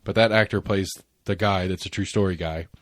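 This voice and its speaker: Low-voiced man rambling through a story. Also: steady tone, brisk, no room sound. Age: 40s. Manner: rambling, restarts often, laughs while telling stories. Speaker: podcast host. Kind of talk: casual chat.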